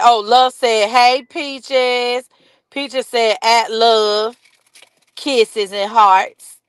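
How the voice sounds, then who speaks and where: Middle-aged woman hosting a livestream, chatty and warm with viewers, dry close sound. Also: on the high side, no echo. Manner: chatty, reads and greets viewer comments aloud. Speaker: livestream host. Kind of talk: casual livestream chat.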